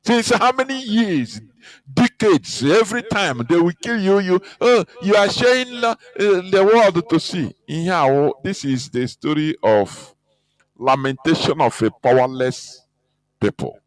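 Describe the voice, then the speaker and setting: A man's voice: high voice, expressive, a little slow, poor audio. A man giving an impassioned, scornful radio talk, emphatic and mocking. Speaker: radio broadcaster.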